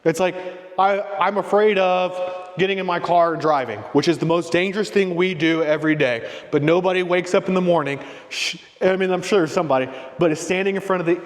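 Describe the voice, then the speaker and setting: A man's voice: sits high, a little fast. Middle-aged man coaching, echoing hall. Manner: rambling, coaching tone with frequent "right?" and "okay?". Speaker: host of a leadership discussion group. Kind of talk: casual motivational talk.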